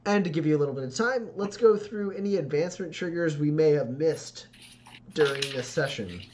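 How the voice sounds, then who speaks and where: A game master narrating a tabletop game in a relaxed way, with frequent fillers. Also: mid-range voice, fairly quick, slight background noise.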